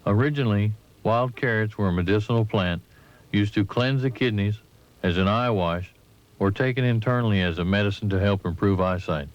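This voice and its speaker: A man giving measured, instructive scripted narration for an instructional film, recorded as a voice-over. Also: lowish voice. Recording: dull lo-fi 1980s training film audio.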